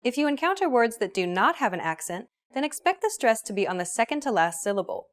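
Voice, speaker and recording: A woman hosting a language course, reading a scripted lesson in a clear, even teaching manner. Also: on the high side, fast talker.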